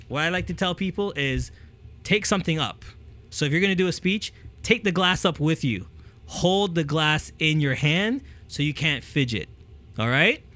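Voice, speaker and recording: A man hosting a talk, giving casual speaking tips into a handheld microphone and often checking in with "okay?". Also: on the high side. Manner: energetic, repeats "okay?" to check in; demonstrates with the mic, moving it near and away. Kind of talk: casual coaching talk to camera.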